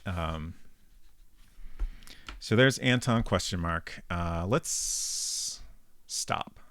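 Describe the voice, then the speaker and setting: A man giving casual live-stream commentary while playing a game, chatting with viewers and thinking out loud. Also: sits low, extremely slow.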